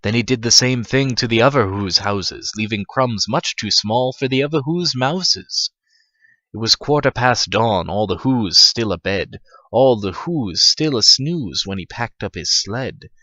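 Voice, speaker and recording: Bright and forceful, this mid-range male voice has lively intonation and takes its time. The reader turns a rhyming holiday story into a profane comedic parody, tripping over lines and chuckling at his own mistakes, all captured in a dry, dull, lo-fi recording.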